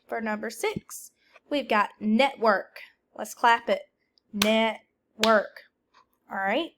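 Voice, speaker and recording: A woman teacher, speaking slowly and deliberately as she records a lesson for a substitute, calling out words for the class to repeat. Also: fairly high pitch, background noise.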